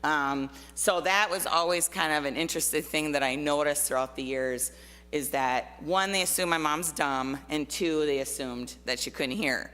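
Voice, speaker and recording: A woman's voice: low-pitched, normal speed, a bit bright, clear, resonant tone. A woman artist presenting her artwork to an audience in a casual, storytelling way with plenty of fillers. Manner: conversational, many fillers, personal storytelling. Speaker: artist giving a talk. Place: church forum room. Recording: long hall reverb.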